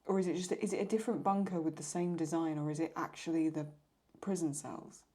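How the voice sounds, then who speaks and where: A young woman chatting excitedly and mocking herself while she reacts to videos as host of her channel. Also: on the low side, fast talker. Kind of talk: casual reaction commentary.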